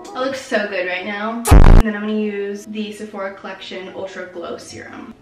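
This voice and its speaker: A woman's voice: medium pitch, fairly even intonation, normal speed. A young woman chatting casually as a beauty vlogger, giggly and poking fun at herself. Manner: chatty, giggly, self-mocking. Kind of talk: casual vlog chat. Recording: roomy echo with background music.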